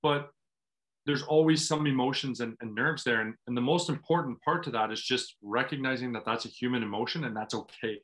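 A man's voice: medium pitch, brisk, a bit bright. A man, a former pro volleyball player, earnestly explaining mental training to athletes in a conversation over a video call. He often restarts his phrases. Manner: earnest, restarts phrases, acts out inner self-talk.

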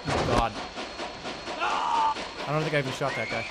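A man's voice: medium pitch, normal speed, very noisy. A man streaming a game, chatting casually, laughing and swearing often. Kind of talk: casual gameplay commentary. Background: loud game music.

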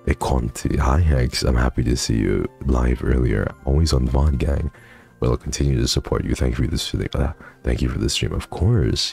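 A man's voice: a bass voice, gravelly, darkish tone. A man streaming from home, chatting casually and thanking viewers, sleepy and swearing freely. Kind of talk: casual chat reading donations.

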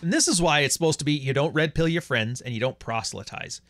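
A man's voice: a little high, fast talker, fairly bright tone, no room sound, clean studio sound. A man hosting a livestream, talking bluntly with plenty of swearing as he reads out viewer donations. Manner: blunt, profane, reads out super chats. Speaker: livestream host. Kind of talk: casual livestream monologue.

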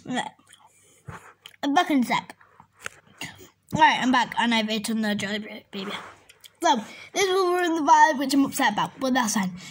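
A young woman, chatting excitedly and repeating herself as she taste-tests snacks at home for her vlog. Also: high-pitched, normal speed, long pauses, slight background noise. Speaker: vlogger. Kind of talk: casual taste-test vlog.

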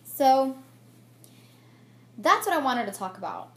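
A woman's voice: sits high, sing-song, slow, fairly bright tone. Young woman, casual makeup vlog, candid and rambling, fillers and restarts, camera mic at home, faint hum behind. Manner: candid, chatty and reflective, with many fillers and restarts. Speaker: beauty vlogger. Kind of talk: get-ready-with-me chat. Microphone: camera mic on a tripod.

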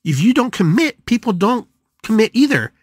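A man's voice: sits high, very animated, normal speed, darkish tone, breathy edge, no echo. A man hosting a spiritual podcast, telling a story with emphatic, dramatic repetition. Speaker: podcast host.

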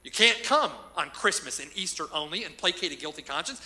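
A man's voice: a little high, animated, fairly quick, few pauses, pushed and bright, rough recording. A man preaching a sermon as pastor, emphatic, with rhetorical questions and repeated lines.

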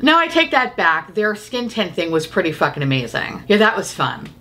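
Woman, beauty vlogger, casual makeup chat, bright voice, lively swinging pitch, giggly, swears a lot. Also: normal speed. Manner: profane, giggly, animated and opinionated. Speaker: beauty YouTuber.

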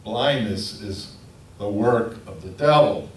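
A man preaching a sermon, telling the story in a lively storytelling manner. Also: on the low side, slow pace. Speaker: pastor. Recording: echoey room from a distance, faint noise.

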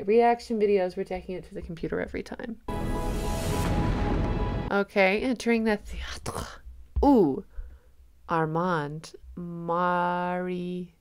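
A woman giving excited reaction commentary on a trailer, gushing and speculating aloud, breaking into gasps and squeals. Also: on the low side, slow, faint music behind.

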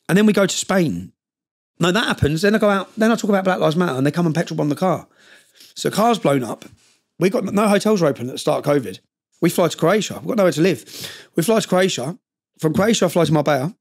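A middle-aged man telling personal stories as a podcast guest, emotional and blunt, swearing often. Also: a little high. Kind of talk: candid personal storytelling.

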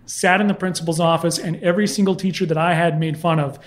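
A fast-talking man with a fairly high voice, a guest comedy historian, spins an animated story during a casual interview. He brings the tale to life by impersonating others' voices.

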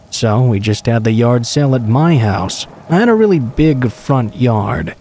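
A man narrates true horror stories in a calm, even reading voice. His tone is dark and mellow, sitting at an ordinary middle pitch. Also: slight background noise.

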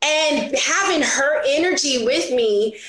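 A high-pitched woman speaking as an interview guest, lively and expressive, often slipping into playful voices for the people she quotes. Her voice carries a roomy echo. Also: slow, a little hiss or hum. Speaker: entrepreneur guest. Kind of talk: animated storytelling interview.

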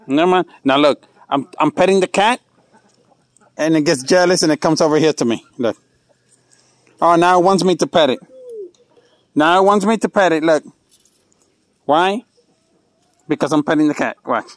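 A backyard animal keeper narrates a casual home video as he films geese, chickens, ducks, and other pets on a handheld phone in his yard. He talks to the animals and camera in an excited, repetitive way, coaxing them along. His fairly high voice moves at a moderate pace with long pauses, in a dry recording.

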